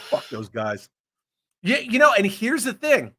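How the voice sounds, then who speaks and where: Bright-voiced, animated man. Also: high-pitched, unhurried, husky. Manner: profane, animated ranting. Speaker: host. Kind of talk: casual chat reading viewer comments.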